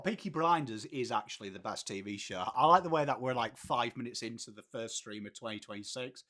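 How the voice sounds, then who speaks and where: A man's voice: medium pitch, a bit bright. An Englishman in his late thirties hosting a live stream, chatting casually and greeting viewers by name, calling everyone mate. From England. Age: late 30s. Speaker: livestream host.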